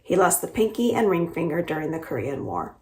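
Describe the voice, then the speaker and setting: A woman librarian reading the first chapter of a middle-grade novel aloud, with expressive, lively storytelling. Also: on the low side, brisk. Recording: roomy echo.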